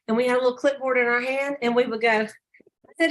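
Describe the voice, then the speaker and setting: An older woman leading a sales team call, telling stories animatedly and acting out customers' lines in a higher voice. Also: fast. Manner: animated storyteller, acts out customer dialogue in a higher voice.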